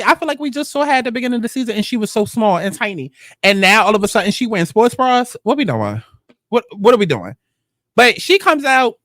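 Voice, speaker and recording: Heard in clean, echo-free studio sound, a female host gives a casual TV episode rundown full of swearing, blunt remarks, animated energy, and sudden rises in pitch.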